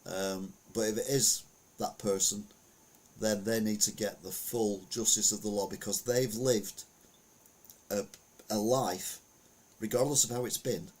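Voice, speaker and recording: A man's voice: fairly low pitch, a little mellow, breathy edge. A middle-aged man giving casual opinion commentary as a podcast host, rambling with lots of fillers and restarts.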